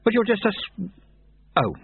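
A man's voice: sits high, sing-song, normal speed, vocal fry, slightly rough, no room sound, voice pushed up, full character voice. A man doing a flustered young novice monk. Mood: eager. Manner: eager, flustered questioning. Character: anxious earnest young male novice monk. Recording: tinny phone-like audio.

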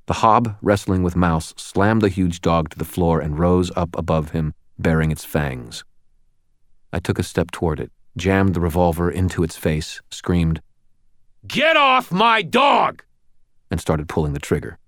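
An audiobook narrator with an extremely deep, low voice reads scripted narration in a steady, measured first-person style. The recording is close and dry, with no room sound or echo.

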